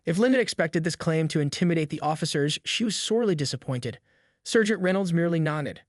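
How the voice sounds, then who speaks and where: A man narrating a scripted story in an even, descriptive way. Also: on the high side, fairly quick, no echo, clean studio sound.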